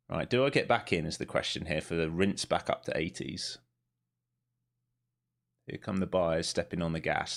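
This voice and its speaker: A man's voice: on the low side, fairly bright tone. A man streaming his day trading live, commenting on the market as he thinks aloud, joking and swearing at times. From not from the United States.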